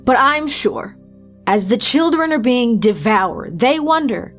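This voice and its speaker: A woman's voice: high-pitched, sing-song, measured pace, faint music behind. A woman host narrating folklore with dry, sarcastic asides in a casual storytelling style.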